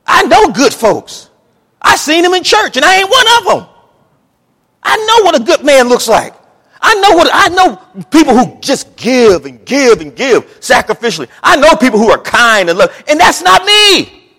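A man preaching a sermon in a lively, folksy way, acting out the words he quotes. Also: very high-pitched, normal speed, in a large hall. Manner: animated preaching, Southern folksy speech, acts out quotes. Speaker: pastor.

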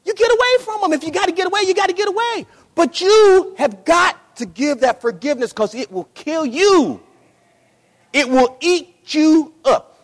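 A man delivers a fervent sermon in a very high voice that swoops up and down as he drives his points home. He repeats phrases for emphasis and acts out voices from his story. His voice rings out with a long reverb in a large hall. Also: lively intonation, fairly quick, few pauses. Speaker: pastor.

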